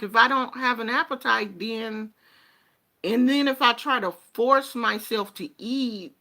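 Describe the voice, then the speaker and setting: A woman's voice: a little high, pushed and bright. A woman chatting casually to her viewers, with a Black way of speaking, telling stories and laughing often. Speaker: vlogger.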